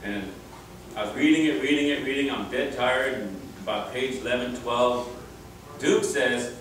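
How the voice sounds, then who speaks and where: A man's voice: medium pitch, normal speed, fairly bright tone. A middle-aged man casually telling rambling, chuckling stories with many restarts, speaking to a crowd at a reunion. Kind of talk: casual storytelling speech to a crowd. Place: reunion gathering in a room. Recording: very echoey, distant, noisy room.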